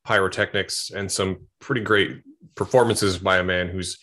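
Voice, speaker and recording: A man's voice: deep voice, fairly even intonation, moderate pace, pushed and bright. A man co-hosting a podcast, casually and thoughtfully retelling film scenes with a wry tone. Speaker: podcast co-host.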